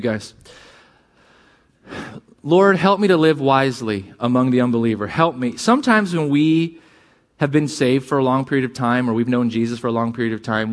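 A man preaching a sermon, animated and jokey, who acts out quoted lines in a raised voice. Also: mid-range voice. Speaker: pastor.

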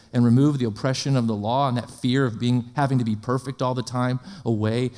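A man preaching a sermon in an energetic, conversational way, often asking the congregation questions and slipping in jokes. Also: medium pitch.

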